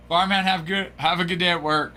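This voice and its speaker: Man, stream host, keen and very bright tone, slightly high, laughs a lot, chats with viewers by name. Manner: joking, laughs often, answers viewers by name. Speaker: card break livestream host. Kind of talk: casual livestream chat.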